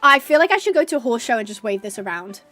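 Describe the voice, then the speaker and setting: A woman's voice: a little high, lively intonation, quick pace, sharp tone, faint music behind. A woman in her twenties chatting casually while playing a game, bubbly and gushing, with lots of filler words. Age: 20s. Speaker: streamer. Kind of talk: casual chat while gaming.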